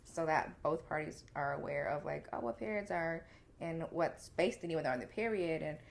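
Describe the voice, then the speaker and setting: A woman's voice: low-pitched, moderate pace, gravelly, slight background noise. A young woman co-hosting a podcast, talking in a candid, casual way, swearing freely and acting out her own inner voice. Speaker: podcast co-host. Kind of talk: casual chat.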